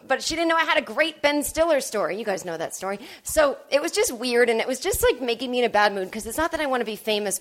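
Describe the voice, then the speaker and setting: A woman's voice: fairly high pitch, no echo. A woman comedian hosting her podcast alone, telling a rambling story in a sarcastic, self-mocking way. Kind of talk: solo storytelling monologue. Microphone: podcast microphone.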